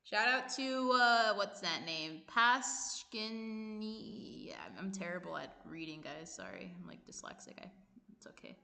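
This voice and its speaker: A woman's voice: mid-range voice, very animated, measured pace, vocal fry, sharp tone. A woman co-hosting a livestream community chat, bubbly, chatty and often giggling. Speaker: co-host.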